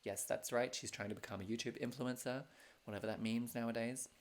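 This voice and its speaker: A man's voice: medium pitch, steady tone, a little fast. A man hosting a livestreamed drag show from home, chatting casually with plenty of fillers and self-mocking jokes. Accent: non-American. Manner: self-deprecating, joking, many fillers.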